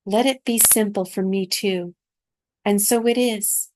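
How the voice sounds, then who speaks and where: A woman reading aloud from her own spiritual dream journal in a soft, unhurried, reflective way. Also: mid-range voice, steady tone, slight background noise.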